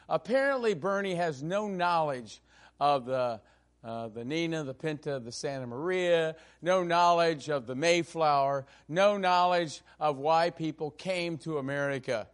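A male pastor preaches with a raised, somewhat high voice and a gravelly edge. He leans hard on key words, slowing them down for emphasis, then drifts into loose asides full of fillers. The delivery stays conversational yet emphatic. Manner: emphatic preaching with slow stressed phrases and frequent fillers. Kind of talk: sermon.

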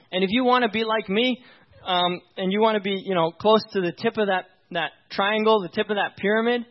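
A man with a fairly high voice delivers a relaxed, conversational sermon. He talks informally and with emphasis, often turning to his listeners to check they follow. The recording sounds dull and lo-fi. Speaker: pastor.

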